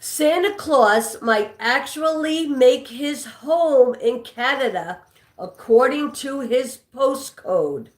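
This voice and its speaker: A woman's voice: high-pitched, lively intonation, slow. Chatty New York woman, echoey room. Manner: chatty, reads and answers viewer comments. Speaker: live stream host. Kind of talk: live trivia stream, reading chat.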